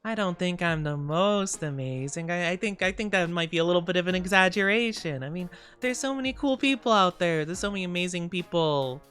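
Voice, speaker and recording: A woman's voice: fairly low pitch, a bit bright, faint music behind. A young woman streaming and chatting casually with her live viewers, playful and bubbly, a little sleepy. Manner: playful, bubbly, quick to thank and tease back. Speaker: VTuber streamer.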